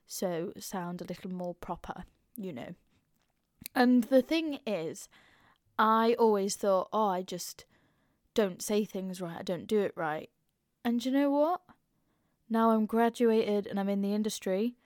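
A young woman talks in a loose, chatty way with a broad East Midlands Mansfield accent. She is blunt and candid and swears freely. Her voice sits at a middling pitch, recorded close and dry with no room sound. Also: darkish tone, no echo. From English Midlands (Mansfield). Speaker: podcast host. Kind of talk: casual chat.

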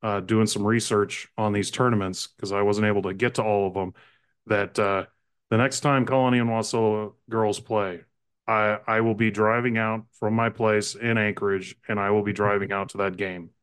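A man co-hosting a sports podcast, chatting excitedly about high school games and often correcting himself mid-sentence. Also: moderate pace, smooth. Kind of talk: casual sports talk.

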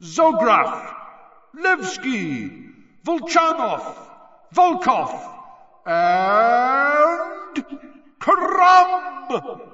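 A man voicing a showy male stadium announcer who calls out names loudly and draws them out. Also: extremely high pitch, very animated, reverberant, in a large hall, voice pushed up, heavily acted. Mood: announcing. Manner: loud, announcing, drawn-out names. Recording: dull lo-fi sound.

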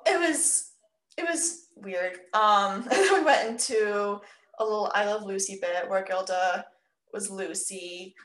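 A woman's voice: mid-range voice, measured pace, a bit bright, roomy sound. A woman in casual podcast chat who answers with short, wry reactions. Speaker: podcast co-host.

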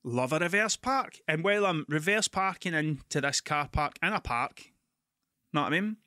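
A Scottish man hosting a podcast, telling stories in an animated, sweary, ranting way. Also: fairly high pitch, normal speed, no room sound, clean studio sound. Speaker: podcast host. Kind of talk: casual monologue.

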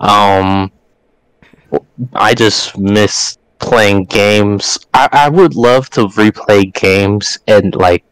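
Young male podcast co-host, lowish smooth voice, dry close sound, easygoing rambling chat. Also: fairly even intonation, drawn-out words, fairly bright tone, no echo, poor audio. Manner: laid-back, rambling with fillers. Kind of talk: casual chat.

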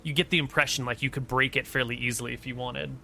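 A man acts as game master, describing scenes and calling for rolls at an easy pace. His voice is bright and forward, with plenty of filler sounds, and faint noise in the background. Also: medium pitch, quick pace, creaky. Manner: relaxed narration with frequent fillers. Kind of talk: narrating a tabletop game.

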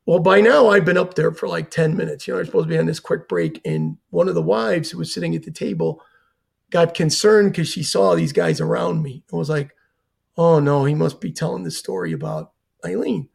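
A man's voice: fairly high pitch, big pitch swings, brisk, creaky, breathy edge. An older man, a retired fire chief, telling a personal story in an earnest way and acting out the dialogue he quotes. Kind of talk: storytelling in a conversation.

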